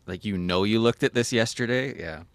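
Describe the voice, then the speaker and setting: A man's voice: on the low side, brisk, dry recording. A man hosting a podcast in casual chat, easygoing and enthusiastic. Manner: easygoing, enthusiastic about sneakers. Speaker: podcast host.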